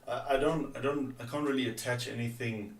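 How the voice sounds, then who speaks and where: A man's voice: mid-range voice, steady tone, a little fast, far from the mic, slight background noise. A man co-hosting a podcast, laid-back and slangy, laughing easily while discussing a film. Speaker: podcast co-host. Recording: echoey room, off-mic.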